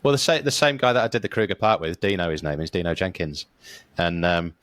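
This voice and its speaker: A man hosts a podcast in an easygoing, chatty way, his voice very low. He spins dive stories casually and drops the odd swear word. The sound is dry and close, with no room around it. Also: fast talker, clean tone, dry recording. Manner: relaxed storyteller, swears casually, says mate. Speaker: podcast host. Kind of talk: casual interview chat.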